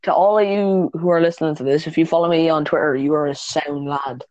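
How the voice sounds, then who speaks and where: A man's voice: a little high, steady tone, fast talker, darkish tone, no echo, dull audio. A man co-hosting a casual podcast, talking fight sports, swearing and laughing often. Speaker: podcast co-host. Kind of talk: casual chat.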